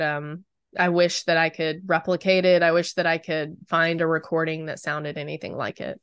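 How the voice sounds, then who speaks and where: A woman's voice: lowish voice, a bit bright, clean tone, no room sound, studio quality. A woman in her thirties, a Bigfoot researcher, telling an eerie personal story in an interview with many likes and ums.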